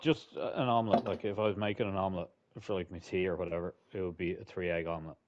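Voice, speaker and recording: A man's voice: low-pitched, fairly even intonation, quick pace, lo-fi sound, background noise. A man co-hosting a casual podcast, teasing and joking, with some swearing. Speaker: podcast co-host. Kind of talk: casual chat.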